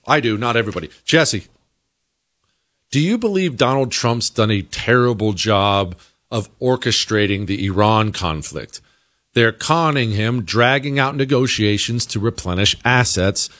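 An American man hosting a talk show, delivering an emphatic opinion monologue that climbs into high-pitched exasperation. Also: expressive, unhurried, a bit bright. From United States. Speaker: political talk show host.

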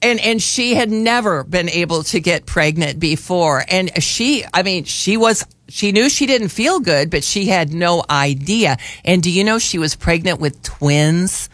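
A man in his sixties hosts a talk radio show on a studio mic, spinning chatty stories and often restarting his sentences. His voice is high-pitched, animated and a bit bright, delivered at a measured pace with hardly any pauses and no room sound.

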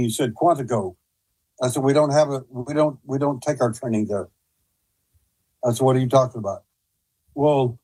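A man's voice: medium pitch, fairly quick, a little mellow, slightly rough, low-quality recording. A man who is a guest on a talk show, telling rambling stories with many hesitations and restarts. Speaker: guest investigator. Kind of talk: casual storytelling.

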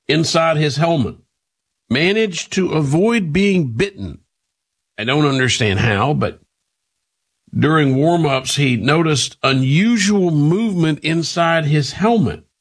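A man's voice: a little high, a bit bright, husky. A man presenting news commentary with wry asides.

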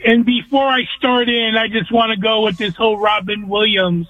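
A man's voice: high voice, fairly even intonation, normal speed, bright, forceful tone, no room sound. A male caller from California on a sports show, talking bluntly and emphatically in a rant. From Orange, California. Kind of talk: phone-in rant. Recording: tinny dry phone line.

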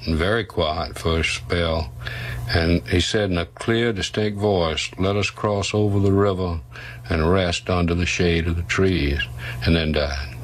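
Deep, flat-voiced male storyteller. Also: low-quality recording. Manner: slow, measured, with frequent pauses. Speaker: historian interviewee. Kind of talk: unhurried historical storytelling.

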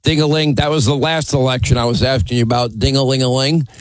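A man's voice: medium pitch, fast talker, no echo, rough recording. A middle-aged man hosting a call-in radio show, blunt and mocking as he argues with callers. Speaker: radio talk show host. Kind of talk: combative call-in radio talk.

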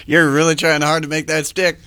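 A man co-hosting a radio show, chiming in with quick, playful, teasing reactions. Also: fairly high pitch, pushed and bright. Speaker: radio co-host. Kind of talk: casual radio banter.

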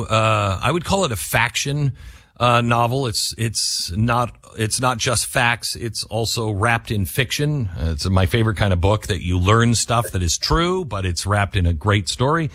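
A man's voice: mid-range voice, lively intonation, moderate pace, fairly bright tone, dry recording. A man hosting a talk show, reading a sponsor ad and introducing a guest in a loose, rambling way with many fillers. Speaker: radio talk show host. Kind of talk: talk show chat and live-read ad.

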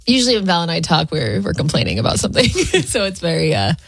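Woman, radio co-host, husky, lively dry delivery, close dry sound. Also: lowish voice, fast, no room sound, soft background music.

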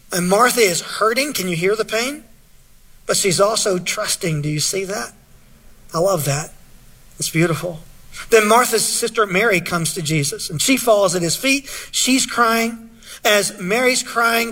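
Preacher guy, kinda high voice, husky edge, keeps asking "you with me?". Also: pushed and bright. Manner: earnest, asks the audience questions, reads scripture aloud. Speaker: pastor. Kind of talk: sermon.

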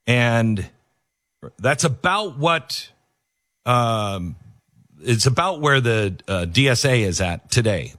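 Emphatic, lively-voiced male commentator. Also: mid-range voice, takes it slowly, pauses often, dry recording, studio quality. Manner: emphatic, repeats phrases, frequent fillers. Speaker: political commentator. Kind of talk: opinion monologue.

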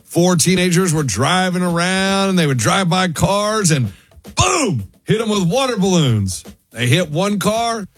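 A man telling a funny news story on a radio show, animated and jokey. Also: sits high, a little slow, breathy edge.

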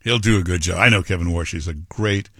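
A man's voice: deep voice, fast talker, fairly bright tone, no echo, clean studio sound. A man hosting a talk show, delivering rambling, opinionated political commentary. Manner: rambling, opinionated, with quoted impressions. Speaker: talk radio host.

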